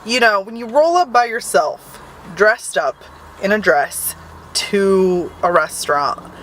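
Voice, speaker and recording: A woman's voice: medium pitch, animated, slow pace, a bit bright, a little hiss or hum, poor audio. A young adult woman talking casually to camera in a bubbly, upbeat, chatty vlog. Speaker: vlogger.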